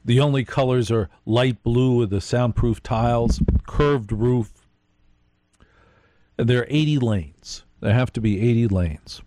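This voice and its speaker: A man's voice: mid-range voice, unhurried, mellow, no echo. A man hosting a live late-night radio show, telling a rambling story and speaking straight to his listeners.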